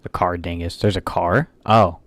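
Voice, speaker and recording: A man's voice: deep voice, steady tone, normal speed, fairly bright tone, no room sound. A man in casual let's-play commentary, joking, swearing and muttering reactions on a close microphone. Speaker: gaming streamer.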